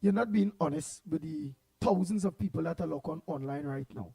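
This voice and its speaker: Here the Trinidadian host of a morning call-in show speaks briskly and very animatedly, his high voice carrying vocal fry over poor audio. He passionately names listeners and reads their comments in a loud, raised voice, saying he will bring it down as he tries to restrain it.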